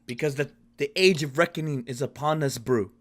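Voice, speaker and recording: A man's voice: on the high side, fairly quick, a little hiss or hum, close to an everyday voice. A man voicing a solemn male vampire harbinger who preaches in an intoning way.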